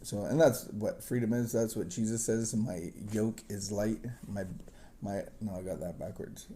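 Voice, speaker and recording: There's a little hiss or hum behind this lowish, mellow male voice, which keeps a measured pace and fairly even intonation. He's a recovery podcast host, raised as a missionary kid partly in Southeast Asia, and his casual stories ramble along with self-deprecation, chuckles, and restarts.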